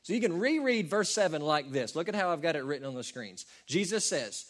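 A man preaching a sermon, animated and folksy, swinging from loud emphatic peaks to quiet asides. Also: a little high, a little fast. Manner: preaches verse by verse, folksy and conversational. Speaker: pastor.

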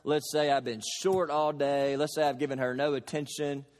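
A man from Kentucky delivering a sermon with slow, stressed phrases and plain homely examples. His voice sits fairly high for a man. The reverb of a long hall trails after each line. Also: flat delivery, darkish tone. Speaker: pastor.

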